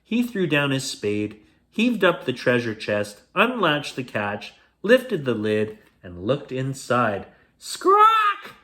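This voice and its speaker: A man reads a children's bedtime story aloud as the show's host, with a playful, expressive delivery. His mid-range voice rises and falls in lively, animated swings. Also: mid-range voice, takes it slowly.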